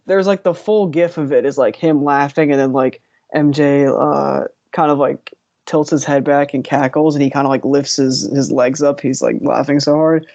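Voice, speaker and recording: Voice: mid-range voice, steady tone, moderate pace, creaky, darkish tone, dry recording. Rambling podcast guest on a dull lo-fi mic. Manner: rambling, giggly, filler-heavy. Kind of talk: casual chat.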